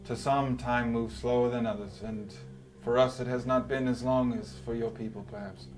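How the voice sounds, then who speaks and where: A formal old elf lord who speaks with slow, careful courtesy, as a man puts him on. His pitch sits in the middle, and clear music plays behind him throughout. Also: steady tone, darkish tone, natural voice. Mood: courteous. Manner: formal, measured speech.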